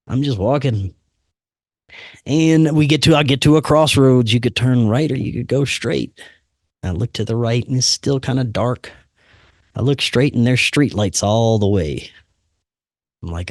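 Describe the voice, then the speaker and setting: A man hosting a podcast, telling a personal story in a casual, animated way, acting out the voices he quotes and dropping "man" and "dude" often. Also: medium pitch, a little slow, long pauses, no echo, studio quality. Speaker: podcast host.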